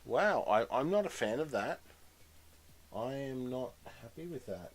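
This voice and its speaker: A man's voice: mid-range voice, animated, unhurried. A man hosting a casual live stream, chatty and muttering to himself while concentrating on a build.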